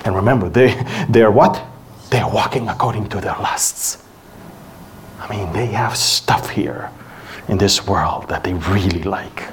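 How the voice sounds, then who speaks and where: A preacher giving a lively sermon to a church audience, acting out scenes and dropping from loud exclamations to hushed asides. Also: medium pitch. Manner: animated, acts out dialogue with exaggerated voices.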